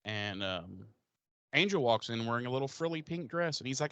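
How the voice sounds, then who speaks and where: Dude recapping a show, swears a lot, dry close mic, acts out the lines. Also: male voice, medium pitch, brisk, dry recording, lo-fi sound. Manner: profane, animated retelling with acted quotes. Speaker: podcast co-host. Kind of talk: casual episode recap.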